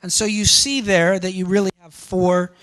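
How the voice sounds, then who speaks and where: Male linguistics lecturer, higher-pitched voice, energetic, emphatic classroom delivery. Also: normal speed, very noisy. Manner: animated, repeats words for emphasis, asks "okay?" and "yeah?" to the room. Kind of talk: university lecture.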